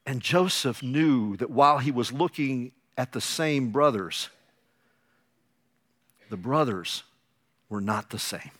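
Animated, bright-voiced male preacher. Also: medium pitch, slow pace, long pauses. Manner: animated storytelling with humorous asides. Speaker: pastor. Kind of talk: sermon.

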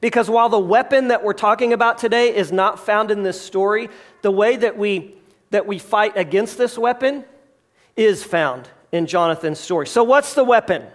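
A pastor preaching a sermon, telling a story with lively asides, jokes and acted-out quotes. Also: male voice, high voice, moderate pace. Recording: live address to a congregation.

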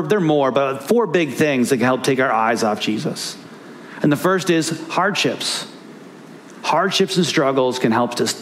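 A man's voice: mid-range voice, a little hiss or hum. A man preaching a sermon as pastor, earnest and emphatic, repeating key phrases for weight.

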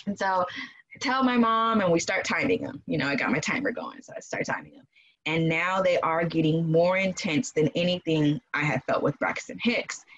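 A woman casually telling a personal story in an animated way, acting out quoted voices and laughing often. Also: low voice, normal speed, dull audio. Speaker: guest telling her birth story.

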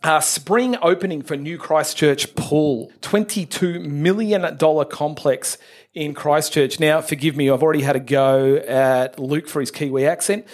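A man hosting a podcast, running through industry news in an upbeat, brisk way. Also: on the high side, darkish tone. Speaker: podcast host. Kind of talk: casual industry news chat.

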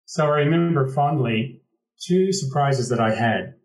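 A man's voice: mid-range voice, measured pace, a little mellow, reverberant, distant mic, rough recording. An American man from the Pacific Northwest telling a reflective personal story, restarting phrases as he goes. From Pacific Northwest, United States. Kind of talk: conversational storytelling.

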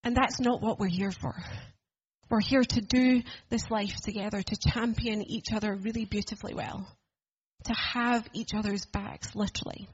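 A woman's voice: medium pitch, fairly even intonation, normal speed, slightly rough, muffled recording. A woman preaching a sermon in a church, earnest and conversational, asking the room questions.

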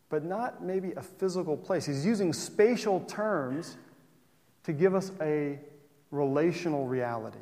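A man's voice: on the high side, darkish tone. A man preaching a sermon as pastor, conversational and full of rhetorical questions. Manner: conversational, asks rhetorical questions, restarts phrases. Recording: long hall reverb.

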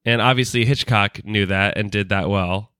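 A man co-hosting a podcast, chatting casually about a bad movie, animated and laughing, sometimes swearing. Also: on the low side, normal speed, smooth, dry recording, studio quality. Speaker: podcast co-host.

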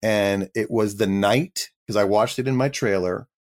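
A man's voice: lowish voice, normal speed. A man in his fifties, a guest actor, telling career stories in a casual interview with a self-deprecating, chatty manner. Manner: chatty, self-deprecating, slips into quoted voices.

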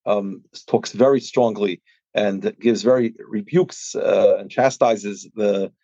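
A man explains a scholarly subject in a casual, halting way, full of restarts and fillers. His voice sits at an ordinary pitch and sounds dry and close. The sound is slightly dull and muffled. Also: steady tone, mellow, no room sound. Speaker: podcast guest discussing a published book.

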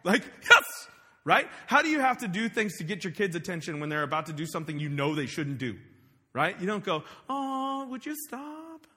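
Male pastor, high bright voice, casual and animated, shouts for emphasis, reverberant hall. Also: quick pace, breathy edge. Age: adult parent. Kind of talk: sermon. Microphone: wearing a microphone.

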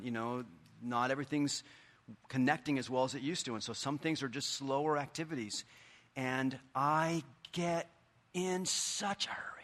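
Earnest middle-aged male pastor preaching. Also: medium pitch. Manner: earnest, conversational, drops to quiet asides. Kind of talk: sermon.

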